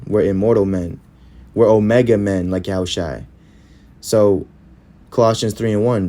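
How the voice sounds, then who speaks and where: A man's voice: fairly low pitch, mellow. A man preaching, reading scripture verses aloud and following each with short, emphatic comments.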